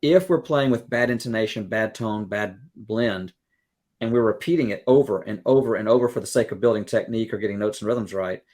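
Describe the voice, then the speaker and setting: With a lowish, slightly mellow voice and a brisk pace, the Southern US music educator gives earnest explanations built on everyday analogies. As a podcast guest, he acts out the exchanges he quotes.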